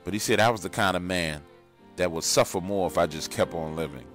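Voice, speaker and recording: Deep-voiced weary man over faint music. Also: brisk, fairly bright tone. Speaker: storyteller recounting an encounter. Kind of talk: scripted first-person horror narration.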